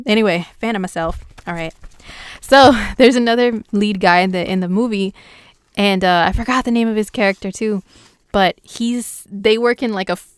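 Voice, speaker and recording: A young woman astrologer talks through the week's horoscope in a loose, excitable, slangy chat. Her voice is very smooth and crisp, mid-pitched, and recorded close and dry with no room sound. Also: dry recording. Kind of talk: casual horoscope vlog.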